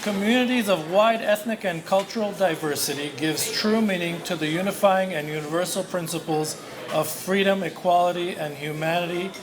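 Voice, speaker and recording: A man's voice: high voice, normal speed. A man formally reading out an award citation at a dinner, adding a light joke. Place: banquet hall with audience. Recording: crowd noise in a banquet hall.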